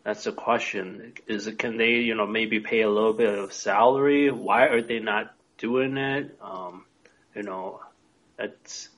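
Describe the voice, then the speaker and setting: A man's voice: fairly low pitch, fairly even intonation, a little slow, fairly bright tone. A man co-hosting a casual discussion, hesitant and full of "you know". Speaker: podcast co-host. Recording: dull lo-fi recording.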